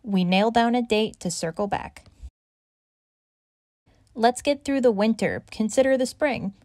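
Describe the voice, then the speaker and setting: A woman reading aloud children's stories in a bright, expressive, rhythmic way. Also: fairly high pitch, a little slow, no room sound, clean studio sound. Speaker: children's story reader. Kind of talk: read-aloud storytelling.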